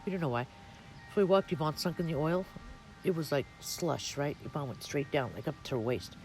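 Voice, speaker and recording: A woman being interviewed, telling a family story in a lively way, acting out the quotes and swearing casually. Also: sits low, moderate pace, faint music behind, rough recording. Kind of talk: animated storytelling.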